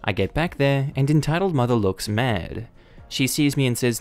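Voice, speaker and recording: A man reads online stories aloud in a steady, matter-of-fact way. His voice sits in a middle register. Soft music plays faintly under him. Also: medium pitch, moderate pace. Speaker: narrator reading online posts. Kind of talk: scripted story narration.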